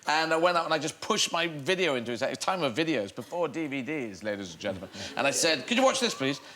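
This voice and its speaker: A man's voice: mid-range voice, expressive, quick pace, bright, forceful tone. An English man, a chat show guest, telling playful, digressive comic stories and often restarting mid-sentence. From England. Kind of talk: rambling comic storytelling.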